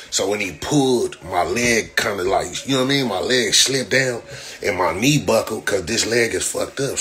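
A man's voice: mid-range voice, bright, forceful tone. A man, a boxer on a livestream, ranting in profane trash talk full of repeated slang fillers. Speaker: boxer livestreaming after a fight. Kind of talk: casual livestream rant.

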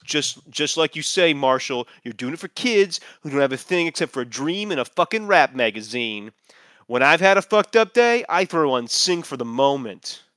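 Guy hosting a comedy podcast, highish voice bouncing all over, reads posts mock-earnest. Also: expressive, normal speed, fairly bright tone, no room sound. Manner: laughing, swearing, mock-earnest. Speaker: podcast host. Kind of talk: comedic reading of old forum posts.

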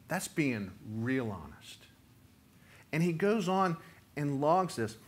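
A man preaching a sermon, reading scripture and breaking into emphatic, near-shouted lines as he voices the prophet's complaint. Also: medium pitch. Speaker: pastor.

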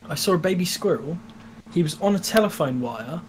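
A young man with a slightly raised pitch chats through a game stream and drifts into long anecdotes. A faint hiss sits under his voice. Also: lively intonation, rough recording. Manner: chatty storyteller, drawn-out exclamations. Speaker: streamer co-host. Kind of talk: casual gaming chat.

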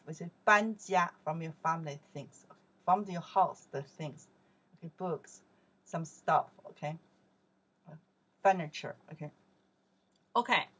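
Woman language teacher; bright tone, very slow, patient repetition with loud high jumps on target words. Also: husky. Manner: slow, repeats each word, swings up loudly on the Chinese words. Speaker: Chinese teacher. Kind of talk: vocabulary lesson.

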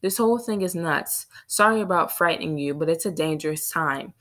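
A woman's voice: sits low, fairly quick. Woman doing a jittery whispering librarian man. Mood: nervous whisper. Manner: anxious hushed whispering. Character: nervous jumpy male librarian, adult.

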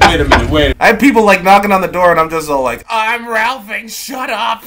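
A man's voice: on the high side, expressive, very fast, a bit bright. A man co-hosting a podcast, trading crude comedic banter and telling absurd bits with a giggle. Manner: giggly, tells absurd bits with silly voices. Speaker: podcast co-host.

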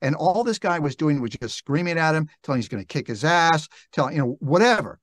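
An older man talking as a podcast guest, thoughtful and unhurried, with frequent restarts. He acts out little bits of dialogue as he tells his stories. The sound is close and dry, with no room around it. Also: on the high side, expressive, fairly bright tone, no echo. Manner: reflective, halting with restarts, acts out quoted dialogue. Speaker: interview guest, narrator and actor. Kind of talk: relaxed storytelling interview talk. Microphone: podcast microphone.

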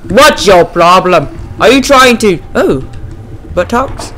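A young man giving excitable let's play commentary on a horror game, yelping and shouting when startled. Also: high voice, measured pace, slight background noise. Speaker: gaming YouTuber.

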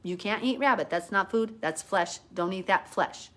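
A woman's voice: mid-range voice, moderate pace, fairly bright tone. A woman giving a live-streamed Bible teaching, fervent and emphatic, arguing her points with rising intensity. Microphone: phone or webcam, live stream.

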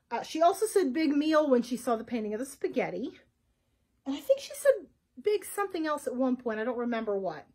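A woman, a children's librarian, talking to young listeners in an animated, expressive storytime manner. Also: sits high. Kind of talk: storytime read-aloud.

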